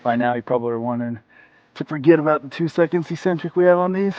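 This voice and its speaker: A man's voice: fairly high pitch, quick pace, a little mellow, slight background noise. A man filming a casual workout vlog in a gym, joking around and pushing the viewer between sets, sometimes out of breath. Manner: joking, hypes the viewer while training. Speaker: fitness vlogger.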